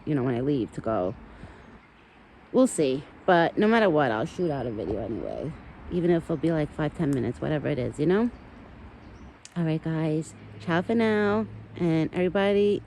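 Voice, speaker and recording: A woman's voice: sits low, vocal fry, mellow, a little hiss or hum. A woman casually chatting to camera in her backyard, rambling on and talking sweetly to her deer. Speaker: vlogger feeding a pet deer. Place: outdoors in a backyard.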